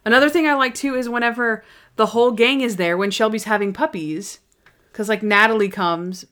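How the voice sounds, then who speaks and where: A woman's voice: on the high side, fairly even intonation, fairly quick, fairly bright tone. Giggly woman recapping a TV episode. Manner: giggly, retells scenes by acting out characters' lines. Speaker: podcast co-host. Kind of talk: casual chat recapping a TV episode.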